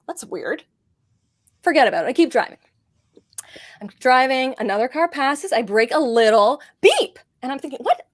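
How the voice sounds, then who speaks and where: Woman, stand-up comic, storytelling set, animated delivery with sudden high punchlines, slightly high voice. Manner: animated storytelling, big jumps in pitch on punchlines. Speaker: student stand-up comedian. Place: comedy showcase stage.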